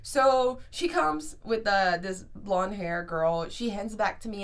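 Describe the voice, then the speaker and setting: A woman's voice: on the high side, fairly quick. A young woman co-hosting a podcast, telling festival stories in casual chat, acting out quotes and swearing freely. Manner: animated storyteller, acts out quotes, swears freely. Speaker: podcast co-host.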